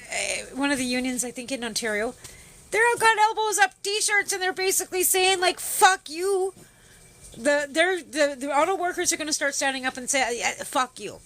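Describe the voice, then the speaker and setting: A woman's voice: high voice, sharp tone. A woman hosting a livestream, ranting sarcastically with heavy swearing and greeting her viewers. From Canada. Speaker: livestream host. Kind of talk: casual ranting livestream chat.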